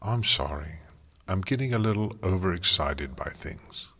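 A man's voice: sits low, animated, moderate pace, pushed and bright, heavily acted. A man voicing an exhausted, irritable female pony princess who talks in curt, weary phrases. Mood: strained. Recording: long hall reverb.

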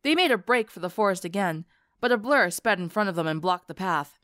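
Expressive woman reading a story. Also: medium pitch, brisk, no room sound, studio quality. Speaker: narrator. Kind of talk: audiobook narration of fan fiction.

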